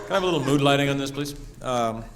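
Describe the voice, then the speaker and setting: A man's voice: mid-range voice, racing, reverberant, loud music behind the voice. A man performing a live stand-up routine on a comedy club stage, rambling with fillers and working himself into mock anger. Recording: 1970s live vinyl album recording.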